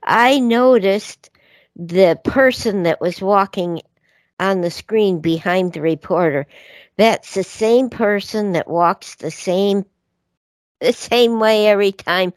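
A woman's voice: medium pitch, slow, dry recording. A woman calling in to a radio talk show, speaking in a hesitant, casual way with many fillers. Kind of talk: casual chat.

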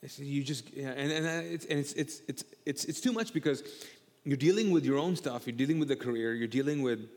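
A male pastor preaching a sermon and chatting with a co-host. He is animated, repeats himself and acts out quotes. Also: mid-range voice, a little fast. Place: church auditorium. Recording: long hall reverb.

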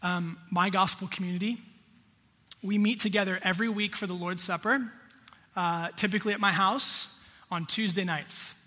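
High, bright-voiced man preaching in a hall. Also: steady tone, moderate pace. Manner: conversational, direct address to congregation. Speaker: pastor. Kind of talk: sermon.

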